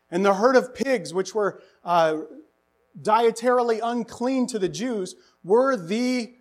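A man preaching a sermon, animated and asking the congregation rhetorical questions, his voice rising to near-shouts for emphasis. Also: sits high. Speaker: pastor.

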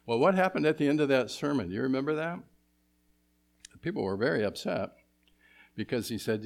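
A man preaching an expository sermon as pastor, asking his congregation rhetorical questions and moving between emphatic and hushed delivery. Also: medium pitch, animated, a little fast, creaky, pauses often.

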